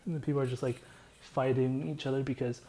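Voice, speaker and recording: A man's voice: medium pitch, flat delivery, quick pace, dark tone, a little hiss or hum, low-quality recording. A young man casually explaining his own song in a loose, rambling way, full of "like" fillers.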